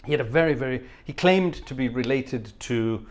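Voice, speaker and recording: A man's voice: medium pitch, normal speed. A middle-aged man, an organist and former choir director, chatting casually and telling stories during a live stream, sometimes humming parts and mimicking voices.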